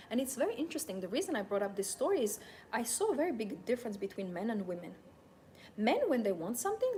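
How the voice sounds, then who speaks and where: A woman's voice: a little high, a little mellow, a little hiss or hum. A woman coaching her viewers in a live talk, stating rights in emphatic, repetitive declarations and speaking straight to them. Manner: coaching, addresses viewers directly. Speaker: femininity and wealth coach. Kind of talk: motivational livestream talk.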